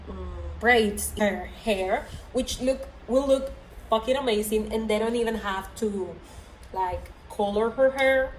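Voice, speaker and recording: A young woman ranting excitedly about a book series on her vlog, rambling and gushing with lots of fillers. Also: medium pitch, a little hiss or hum. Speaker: book vlogger. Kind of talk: excited casual rant. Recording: echoey room with faint ambience.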